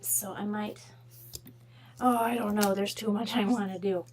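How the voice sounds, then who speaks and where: A woman's voice: medium pitch, fairly even intonation, a little slow, a little mellow. A woman hosting a drawing livestream, chatting casually and rambling, sometimes dropping into whispers. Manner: rambling, self-mocking, trails into whispers. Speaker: livestream host drawing requests.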